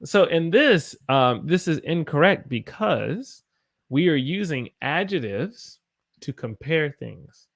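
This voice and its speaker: A man's voice: a little high, sing-song, slow pace, vocal fry. A man from the United States teaching English on a live stream, tired after a long day and encouraging as he reads out viewer sentences and corrects them.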